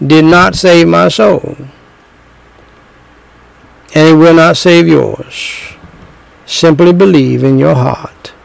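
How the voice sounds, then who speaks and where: Slow, gravelly male preacher. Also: fairly high pitch, no echo, low-quality recording. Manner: slow, emphatic preaching with repetition and storytelling. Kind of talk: sermon.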